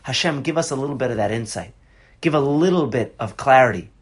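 Husky earnest man teaching Torah. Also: medium pitch, expressive, fairly quick. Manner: earnest, conversational with bursts of passion. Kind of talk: Torah class on a psalm.

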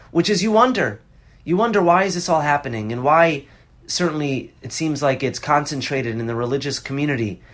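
A man's voice: fairly high pitch, fairly bright tone. A man in his thirties teaching a Torah class on a psalm, earnest and conversational with bursts of passion.

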